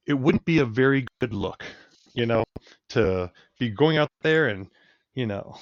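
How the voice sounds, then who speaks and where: A man's voice: medium pitch, no echo, highs cut off. A man co-hosting a casual political podcast, laid-back, agreeing and chuckling along. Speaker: podcast co-host.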